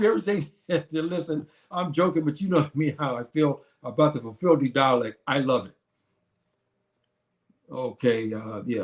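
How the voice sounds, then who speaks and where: A man hosting his own show, talking casually and earnestly to viewers, with many restarts, calling them brother and sister. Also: medium pitch. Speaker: show host answering viewers. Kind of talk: casual livestream talk.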